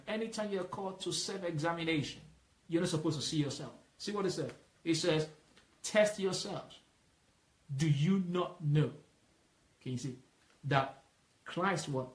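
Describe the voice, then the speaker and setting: Man, Bible teacher, slightly high voice, patient questioning, roomy echo. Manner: asks questions and lets the listener fill in the answer; explains patiently, repeating points slowly.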